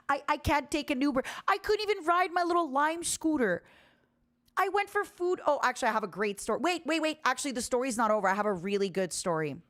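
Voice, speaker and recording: A woman around forty from Ukraine, raised in Canada, chatting casually on a live stream as an animated storyteller who laughs often and jumps high and loud when amused.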